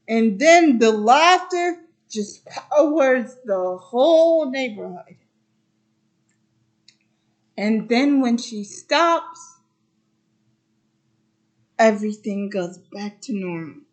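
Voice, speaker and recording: A woman's voice: on the high side, lively intonation, slow pace, pauses often. A woman casually retelling a movie plot, rambling and stringing events together with repeated "and then". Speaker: host.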